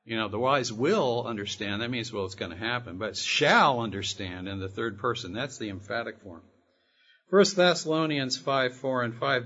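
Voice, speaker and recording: A man delivers a Bible lesson in a husky voice, slowing down to stress each scripture he quotes. His middle-pitched voice comes through a dull, lo-fi recording. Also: expressive, a bit bright. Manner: reads scripture slowly with emphasis. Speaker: Bible study speaker. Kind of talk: sermon-style Bible teaching.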